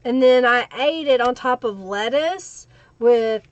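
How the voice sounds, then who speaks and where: Slow, high-voiced Oklahoma Southern woman. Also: dry recording, lo-fi sound. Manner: chatty, reads and answers viewer comments, laughs often. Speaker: livestream crafting host. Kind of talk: casual live-stream chat while crafting.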